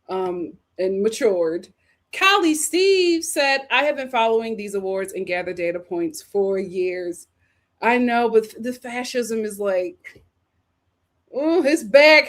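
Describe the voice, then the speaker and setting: A woman from Philadelphia with a fairly high voice hosts a live stream and reads viewer comments aloud. She reacts with heat and animation and laughs easily as she talks. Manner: animated, heated and quick to laugh. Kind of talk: live chat-reading commentary.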